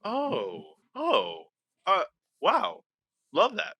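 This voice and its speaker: A man's voice: sits high, huge pitch swings, drawn-out words, creaky, husky, no room sound, lo-fi sound. A young man co-hosting a podcast, joking and playfully indignant, now and then swearing. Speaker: podcast co-host. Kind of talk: casual podcast banter.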